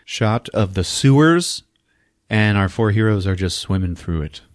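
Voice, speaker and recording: Deep-ish guy telling a movie plot for laughs, lots of ups and downs in his voice, slow. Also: expressive, dry recording, clean studio sound. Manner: amused, chuckling storyteller. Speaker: podcast host recapping a movie. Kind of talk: casual comic movie recap.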